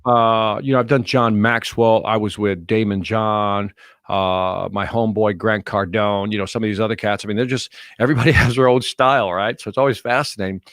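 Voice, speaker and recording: A middle-aged man, a motivational speaker guesting on a podcast, talking in an earnest, energetic storytelling manner. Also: lowish voice, brisk, no echo, studio quality. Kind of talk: casual podcast interview.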